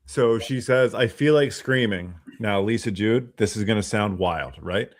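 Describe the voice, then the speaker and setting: A man on a casual livestream, gently encouraging and coaching viewers as he talks. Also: on the low side, measured pace. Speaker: stream guest.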